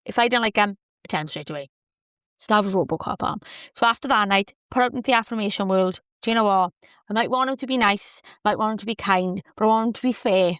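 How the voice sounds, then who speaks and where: A woman's voice: medium pitch, fairly bright tone, dry recording. Woman, podcast host, chatty storytelling, self-deprecating, dry close sound. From Wales.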